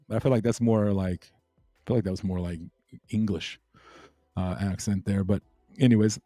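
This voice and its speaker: A man's voice: on the low side, fairly even intonation, fairly quick, dark tone, dry recording, studio quality, soft background music. A man hosting a casual crypto livestream, rambling and laid-back as he chats with viewers. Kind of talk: casual late-night livestream chat.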